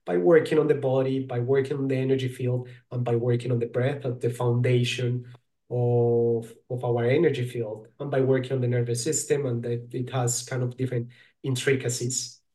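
A man, a guest teacher, explaining his work in an interview in a thoughtful, halting way, searching for his words. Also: medium pitch, little pitch movement, dark tone. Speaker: guest, somatic alignment teacher. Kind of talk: reflective interview talk. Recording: roomy echo.

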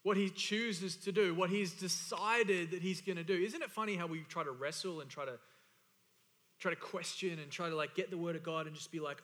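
A man with a high, bright and forceful voice preaches a sermon as pastor. He hammers home key phrases by repeating them with emphasis. His voice rings out with long reverb through a church hall. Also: a little fast.

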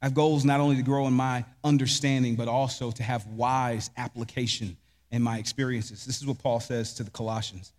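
A man's voice: mid-range voice, flat delivery, brisk, darkish tone, in a large hall. A man preaching a sermon as pastor, asking rhetorical questions and answering them with emphasis.

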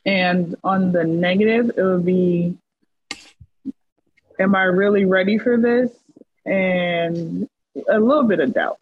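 A participant on a group call, greeting everyone in a friendly, casual way and speaking slowly. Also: medium pitch, fairly even intonation, a little hiss or hum. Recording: tinny phone-like call audio.

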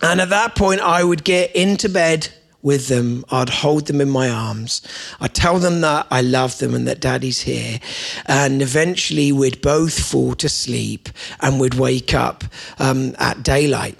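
A man's voice: medium pitch, unhurried, gravelly. A man, preaching as a guest pastor and telling stories with playful asides. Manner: storytelling, playful asides, lively voices for his children. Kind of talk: sermon. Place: church.

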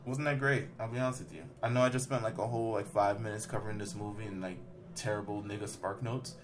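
A man's voice: lowish voice, steady tone, quick pace, over loud music. A young man on a podcast rambling through a film recap with lots of fillers and profanity. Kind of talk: casual chat, recapping a film.

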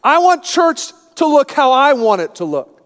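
Male pastor voicing a whiny toddler girl: shrill, stubborn, tearful, long reverb. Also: sing-song, moderate pace, a bit bright, exaggerated voice. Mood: petulant. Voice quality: high wailing, tearful. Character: whiny three-year-old girl, stubborn.

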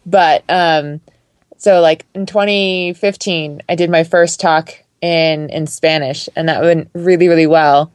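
A woman co-hosting a podcast in casual chat, animated and laughing often as she tells stories. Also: low-pitched, a little slow, clear, resonant tone, dry recording. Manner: animated, laughs often, acts out quoted voices. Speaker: podcast co-host.

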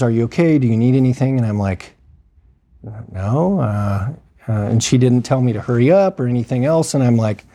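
A man's voice: medium pitch, dark tone. A man with an ordinary mid-range voice recounts a shift in emergency medicine. He talks loosely and conversationally, with plenty of fillers, and slips into the voices of the people in his story. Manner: conversational, acts out quoted dialogue, frequent fillers. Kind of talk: casual spoken storytelling.

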